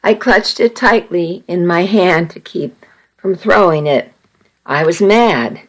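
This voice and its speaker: A woman reading a first-person story aloud, slowly, evenly and carefully. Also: fairly low pitch, lively intonation, rough recording. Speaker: narrator.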